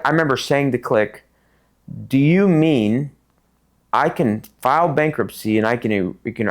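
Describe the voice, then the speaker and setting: A middle-aged man from Tucson, a podcast guest telling stories in an animated way and acting out the people in them. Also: mid-range voice. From Tucson, Arizona. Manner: animated, acts out voices in his stories. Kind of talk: casual storytelling interview.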